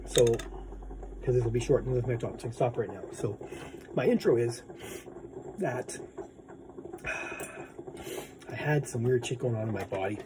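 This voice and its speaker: A man's voice: medium pitch, measured pace, pauses often, very noisy. A man vlogging in a casual, rambling monologue, swearing freely and asking "right?" as he goes.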